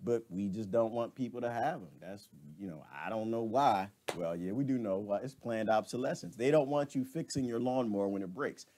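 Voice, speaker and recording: A man's voice: fairly low pitch, a little fast, hardly any pauses, dark tone. A middle-aged man hosting a casual morning live stream, ranting, greeting viewers by name and laughing often.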